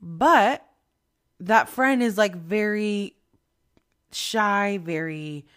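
A woman's voice: mid-range voice, very slow, a bit bright. A woman hosting a podcast as a spiritual medium, talking in a rambling, casual monologue with lots of swearing and self-mocking asides.

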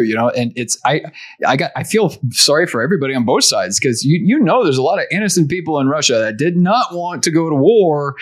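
A man's voice: fairly high pitch, big pitch swings, a little fast. A man co-hosting a casual marketing podcast, talking freely with repeated words and restarts. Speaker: podcast co-host. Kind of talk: casual chat.

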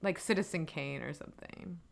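A woman with a low, creaky voice co-hosts a podcast at a normal speed. She chats casually and enthusiastically about old films, dropping plenty of "like" fillers.

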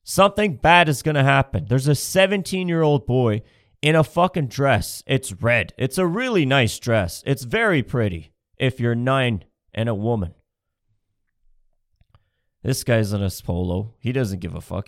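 A man from Canada tears into his subject in a crude, sarcastic comedic rant. His voice sits at an ordinary middle pitch, and the sound is dry and close with no room echo. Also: animated, a little slow. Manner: profane, sarcastic, mocking.

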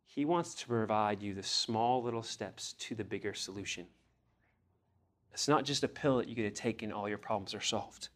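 A man's voice: lowish voice, moderate pace. A young man preaching a sermon, reading scripture aloud and pressing his listeners with earnest questions, rising in emphasis on key phrases. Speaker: pastor.

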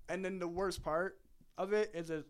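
A man's voice: sits high, fairly even intonation, moderate pace. A young man telling rambling, swear-filled stories in a casual chat, laughing through them. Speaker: podcast host.

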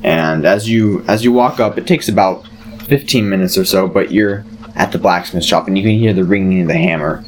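Low male game master, loose narration, faint hiss. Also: a little fast. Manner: relaxed, filler-laden narration.

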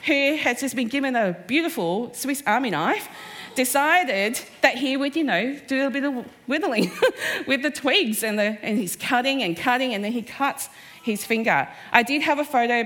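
A woman in her forties giving a personal storytelling talk to a live audience, lively, acting out the voices of people in her stories. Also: fairly high pitch. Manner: animated, acts out quoted voices. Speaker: speaker at a live event. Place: stage before a live audience.

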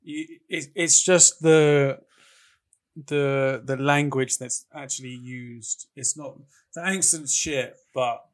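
A man's voice: mid-range voice, steady tone, slow pace. A man with an English accent co-hosting a casual film podcast, rambling and restarting his sentences. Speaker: podcast co-host.

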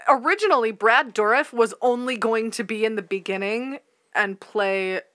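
Brief: woman podcast co-host, eager trivia teller, bright and slightly high voice. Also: normal speed, no echo, clean studio sound. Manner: enthusiastic, laughing, sharing trivia. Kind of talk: casual chat.

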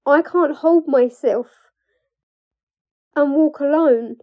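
High-voiced woman, candid and emotional. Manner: candid, emotional, halting, with nervous laughs. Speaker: trauma coach. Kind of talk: confessional personal vlog. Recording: dull lo-fi recording.

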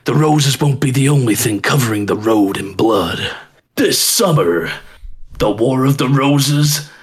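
A man putting on an epic movie trailer narrator voice, deep and dramatic. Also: expressive, a little slow, husky. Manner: deep dramatic announcer delivery.

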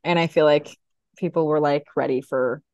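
A woman from the Midwest co-hosting a podcast in casual chat, playful and quick to laugh. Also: low-pitched, fairly even intonation, darkish tone, no room sound, dull audio. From American Midwest. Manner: playful, laughing, riffs on wordplay.

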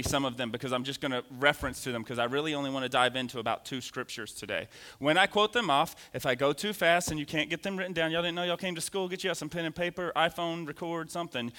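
A man in his thirties delivers an animated sermon, joking with his congregation. His voice is bright and sits a little high. It rings out with a long reverb through the church sanctuary. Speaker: preacher. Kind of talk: lively sermon.

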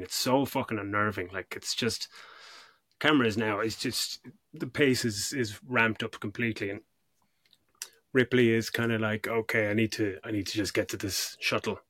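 A husky, breathy man talks through a film on a podcast. He swears freely and acts out scenes as he goes. His voice is dry and close, with no room sound. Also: lowish voice, a bit bright, no room sound. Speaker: podcast co-host. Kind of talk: casual film discussion.

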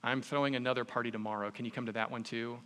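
A man's voice: medium pitch, level tone, racing, a bit bright, lightly acted. A man voicing a young queen who asks her requests politely and carefully. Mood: coaxing. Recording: long reverb in a large hall.

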